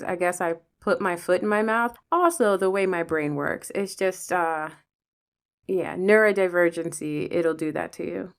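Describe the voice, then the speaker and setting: A woman from Pennsylvania hosting a podcast, telling personal stories in a casual, animated way, swearing freely and acting out the people involved. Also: medium pitch. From Pennsylvania, USA. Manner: animated, profane, acts out the people in her stories. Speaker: podcast host. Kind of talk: casual storytelling monologue.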